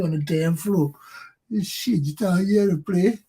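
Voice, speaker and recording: A man with a Liberian English accent hosting a talk show, telling profane personal stories with animated, laughing delivery. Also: sits high, unhurried, breathy edge. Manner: animated, profane, laughs often, acts out quotes loudly. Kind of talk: casual storytelling monologue.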